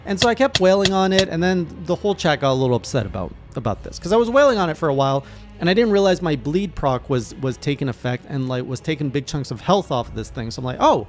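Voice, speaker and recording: A man, a gaming streamer, recapping his playthrough in casual narration with animated, excited reactions. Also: a little high, fast, faint music behind.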